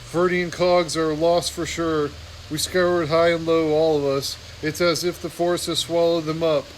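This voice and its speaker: A man's voice: on the high side, flat delivery, moderate pace, a little hiss or hum, close to an everyday voice, low-quality recording. A man reading a novel aloud, voicing a grim, blunt female woodland fighter.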